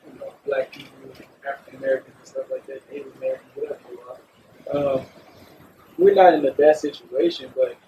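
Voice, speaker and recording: A man talking casually as a podcast co-host, animated and emphatic, swearing freely. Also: medium pitch, a little fast, far from the mic, highs cut off, slight background noise. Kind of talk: casual chat. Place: recording studio.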